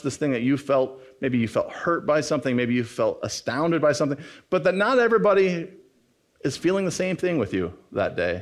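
Animated male preacher acting out dialogue. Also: mid-range voice. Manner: animated, acts out quoted dialogue in a raised voice. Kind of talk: sermon.

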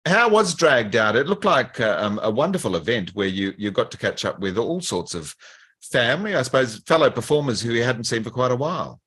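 A man hosting a podcast, who gives a scripted intro and then interviews a guest in a friendly, measured way. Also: mid-range voice, expressive, a bit bright, breathy edge. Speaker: podcast host.

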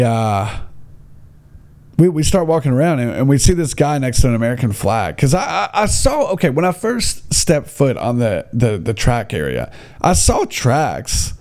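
Young man telling a comic story, mellow tone, animated delivery. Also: mid-range voice, moderate pace. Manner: rambling, many fillers and restarts, animated. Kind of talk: casual comedic storytelling.

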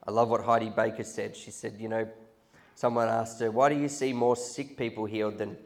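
A man preaching a sermon, telling stories with animated restarts and repetitions. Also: fairly low pitch, a little fast. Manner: storytelling, animated, restarts and repeats. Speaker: pastor.

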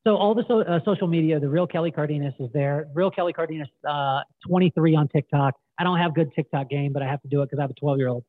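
A middle-aged man guest, telling stories in an animated way and acting out quotes. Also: on the high side, fast talker, hardly any pauses, dry recording. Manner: animated storyteller, acts out quotes. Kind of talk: casual storytelling interview. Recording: tinny phone-like line, dry.

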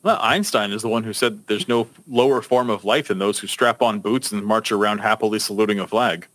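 A man guesting on a podcast, telling stories in an animated, joking and profane way. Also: fairly low pitch, fairly quick. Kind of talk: casual podcast discussion.

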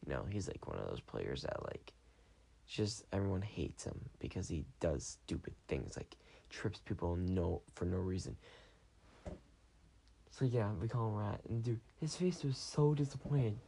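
A man's voice: low-pitched, very animated, measured pace, creaky, mellow, a little hiss or hum. A tired young man hosting a podcast, talking in a chatty, rambling way and often correcting himself. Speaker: podcast host. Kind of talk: rambling casual monologue.

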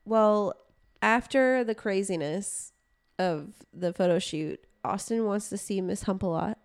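A woman co-hosts a relaxed podcast about a film, hoarse from an illness on top of a voice that is naturally raspy. She talks in a laid-back, wry way, with heavy gravel and fry at a middle pitch. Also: a little slow. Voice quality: raspy, smoker-like voice. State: sick, hoarse. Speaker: podcast co-host. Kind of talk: casual chat about a film.

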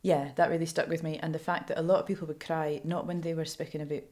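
A Scottish woman journalist talking frankly in an interview, animated and laughing often. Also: low voice, fast. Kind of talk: candid interview storytelling.

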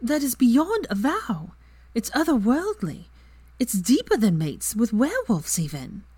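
An excitable, blunt young witch who talks with eager emphasis, as a woman reader puts her on. Her voice is raised high and lively. The recording is close and dry. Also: normal speed, husky, no room sound. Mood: earnest.

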